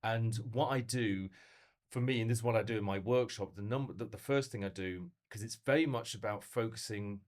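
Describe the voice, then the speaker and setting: A middle-aged man speaking as a motivational speaker in casual podcast conversation, animated and telling stories, full of rhetorical questions. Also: fairly low pitch, a little fast.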